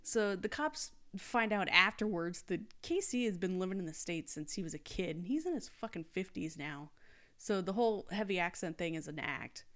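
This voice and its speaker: A woman's voice: on the low side, lively intonation, normal speed, a bit bright. Young woman, podcast host, casual true-crime storytelling, sarcastic. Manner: storytelling, sarcastic asides, quotes people in mock voices.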